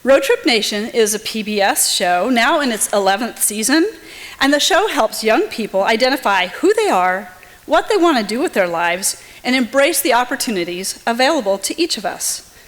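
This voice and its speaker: Woman presenter with a higher voice in a hall. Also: sing-song, moderate pace. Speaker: event presenter. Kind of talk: prepared introduction speech. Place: large hall. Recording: long reverb of a big hall.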